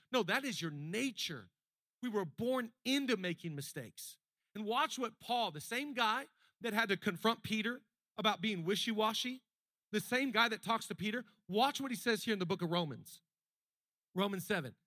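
A man's voice: high voice, animated, moderate pace, pushed and bright, no echo, clean studio sound. A man preaching a sermon as pastor, talking casually and building to emphatic, repeated lines.

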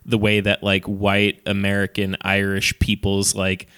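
A man's voice: on the low side, completely flat delivery, a little slow, bright, forceful tone, clear, resonant tone. A man hosting a podcast, asking questions casually with lots of fillers. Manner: filler-heavy questions, laughs easily. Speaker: podcast host.

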